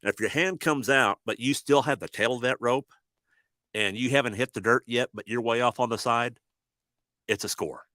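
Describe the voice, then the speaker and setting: An older man hosting a podcast, explaining things in a measured, plain way. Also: medium pitch, sharp tone, dry recording. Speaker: podcast host, pilot. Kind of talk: casual conversation.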